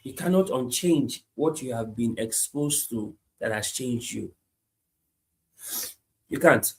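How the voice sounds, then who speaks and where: A man preaching a sermon, repeating his points emphatically and moving between hushed lines and loud climaxes. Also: medium pitch, animated, slow pace. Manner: repetitive, emphatic, swings from hushed to shouting.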